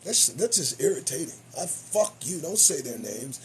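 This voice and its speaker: Animated high-voiced swearing man. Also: normal speed, slight background noise. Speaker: show host. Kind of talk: profane comedic news commentary.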